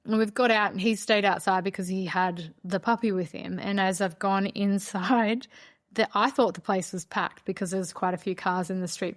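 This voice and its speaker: A woman hosting a podcast, telling a personal story in a candid, conversational way, with a lot of "like" and a heartfelt tone. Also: medium pitch. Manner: candid, conversational, frequent "like" fillers. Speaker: podcast host.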